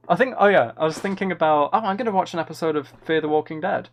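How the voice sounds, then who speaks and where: A man's voice: a little high, expressive, fast talker, few pauses. A man chatting casually on a live stream, answering chat in a playful, rambling, mock-dramatic way.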